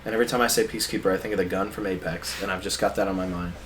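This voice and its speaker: A man's voice: low-pitched, fairly even intonation, racing, slight background noise. A young man co-hosting a podcast in casual chat, rambling and joking, often drifting off on tangents. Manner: rambling, jokey, goes off on tangents. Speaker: podcast co-host.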